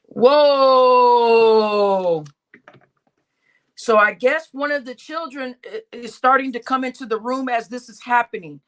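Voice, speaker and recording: A woman's voice: on the high side, normal speed, few pauses, sharp tone. A woman hosting a casual reaction stream, talking over a played recording in a rambling way, with stumbling restarts and blunt exclamations.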